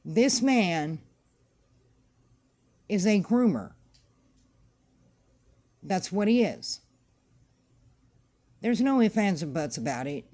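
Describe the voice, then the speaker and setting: A woman's voice: fairly low pitch, very animated, slow, long pauses, mellow. A woman vlogger ranting to camera in a casual, blunt and emphatic way, repeating her points. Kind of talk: casual opinion rant to camera.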